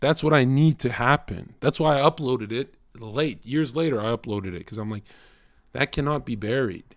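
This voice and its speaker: A young male streamer rants casually on his livestream, profane and rambling, restarting often and tossing out rhetorical questions. He swings from loud and worked up to low muttering, speaking at normal speed. The recording is clean studio sound with no room tone.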